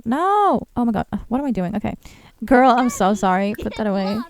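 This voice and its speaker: A young woman hosting a life-sim let's-play, chatting in an excitable, gushing way. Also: mid-range voice, fast talker, gravelly. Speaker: gaming channel host.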